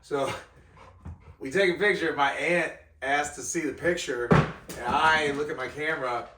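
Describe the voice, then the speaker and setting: A young man chatting casually as a podcast guest, telling animated stories and laughing. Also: on the high side, measured pace, far from the mic, heavy background noise. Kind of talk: casual storytelling chat. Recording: roomy, off-mic sound.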